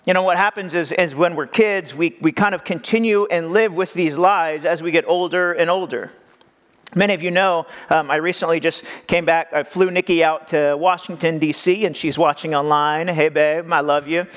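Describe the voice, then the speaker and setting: A man's voice: fairly high pitch, steady tone, normal speed, fairly bright tone. A male pastor preaching in a joking, conversational way, with self-deprecating asides. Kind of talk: humorous sermon storytelling. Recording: long hall reverb.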